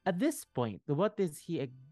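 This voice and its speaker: Game master, chatty. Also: male voice, a little high, sing-song, unhurried, dark tone, no echo, soft background music. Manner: chatty, apologetic, checking in often. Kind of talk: running a tabletop game.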